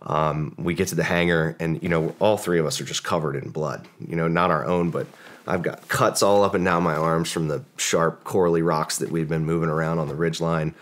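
A man's voice: a bass voice, fairly even intonation, a little fast. A man, a former special forces operator, telling a long story in a casual podcast interview, rambling with many fillers and acting out the dialogue.

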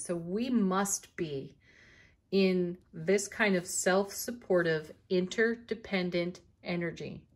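A middle-aged woman with a slightly low voice reads tarot cards for her viewers. She talks in a gentle, spiritual manner and often breaks into a laugh. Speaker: tarot reader. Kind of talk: daily tarot reading to camera.

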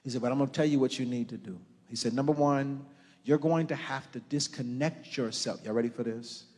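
A man preaching as a pastor in a church, telling a story in a hushed murmur and then building to loud, rousing preaching. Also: medium pitch, a little fast. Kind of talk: sermon. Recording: long reverb of a church hall.

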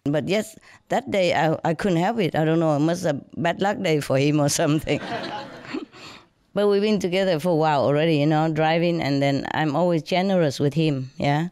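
A woman telling a casual story to listeners in broken English, animated and often laughing as she speaks. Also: low voice, normal speed, no echo. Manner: non-native English with broken grammar. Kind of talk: casual anecdote told to listeners.

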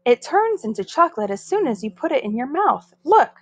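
Woman reading a calm, reasonable schoolboy. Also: sits high, fairly quick, no echo. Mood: contented. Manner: reasonable, contented.

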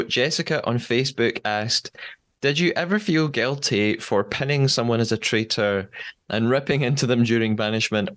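A man hosting a podcast, asking his guest questions in an easy, friendly way and leaning on soft ums. His pitch sits in the middle. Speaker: podcast host. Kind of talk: interviewing a guest.

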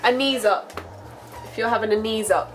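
A woman's voice: fairly high pitch, normal speed, slight background noise. A young English woman hosting a casual vlog chat, explaining things with frequent giggles over background music. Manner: giggly, laughs often while explaining. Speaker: vlog host.

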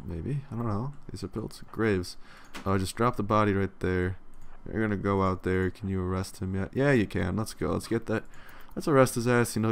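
A young let's play commentator with a low, gravelly voice gives casual, rambling gameplay commentary. He swears freely and yawns often.

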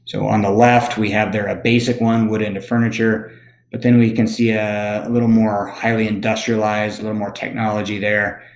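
A man teaching a recorded lesson, explaining in a relaxed, conversational way and often checking in with "okay?". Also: on the low side, a little fast, roomy sound. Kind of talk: recorded classroom lecture.

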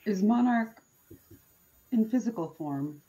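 A woman playing a tabletop game, jumping in with quick questions and interruptions. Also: medium pitch, animated, warm tone, slightly rough. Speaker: player. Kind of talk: casual tabletop play.

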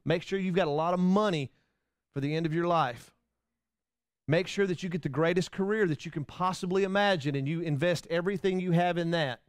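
A man's voice: high voice, brisk, no room sound, clean studio sound. A man preaching a sermon to his congregation in a casual, folksy way, with many restarts and asides. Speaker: pastor. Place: church.

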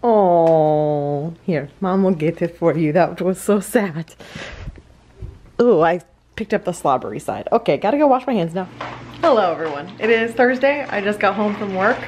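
A woman's voice: lowish voice, expressive, moderate pace, darkish tone. A young woman casually vlogging in her home kitchen, chatty and upbeat, with bad jokes, on a handheld camera.

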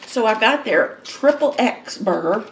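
A woman talks casually to her viewers while she eats, unhurried and chatty. She laughs easily between bites. Her voice carries a roomy echo over a faint hum of noise. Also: a little high. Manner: chatty, laughs often, slow and relaxed. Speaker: mukbang vlogger. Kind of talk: casual eating vlog chat. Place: home, eating at a table.

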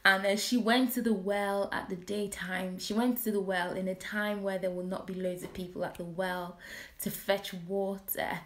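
Earnest woman in an echoey room. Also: mid-range voice. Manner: earnest, conversational, with soft hushed asides. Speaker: Christian vlogger. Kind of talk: reflective personal talk on worship.

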